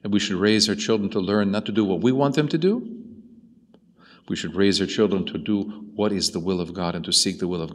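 Male preacher, lowish voice, animated storyteller, long church reverb. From Chicago. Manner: storytelling, animated, rhetorical questions. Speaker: priest. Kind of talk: sermon.

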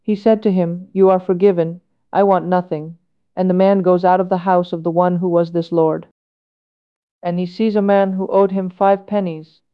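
A woman reading a sermon aloud, telling its stories in a measured, steady way. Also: on the low side, smooth. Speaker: reader of a homily. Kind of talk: read sermon. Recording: dull lo-fi recording.

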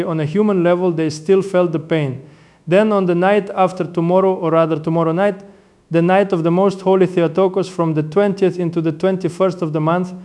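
An older man, an Orthodox monk, giving a sermon with measured, reverent storytelling. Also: high voice, darkish tone.

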